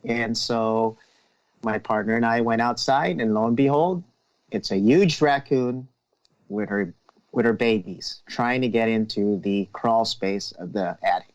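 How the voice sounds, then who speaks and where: A man who is a police officer, telling a story in a casual podcast chat in a steady, unhurried way. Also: medium pitch, lo-fi sound.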